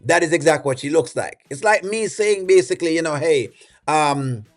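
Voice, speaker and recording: A man with a Jamaican accent talks through a reaction video, opinionated and loose, with plenty of "you know" and "um". His voice sits a little higher than most men's. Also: fast, soft background music. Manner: rambling, opinionated, many fillers. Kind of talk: casual commentary.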